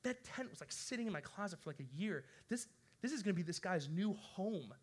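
A man preaching as a pastor, telling a story in an animated, chatty way with lots of fillers. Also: sits high, a little fast, husky. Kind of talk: storytelling sermon.

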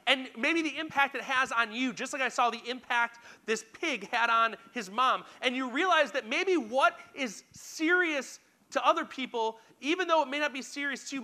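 A young man with an extremely high-pitched voice delivers a storytelling sermon to young listeners. He speaks straight to them, animated and self-deprecating as he tells his stories.

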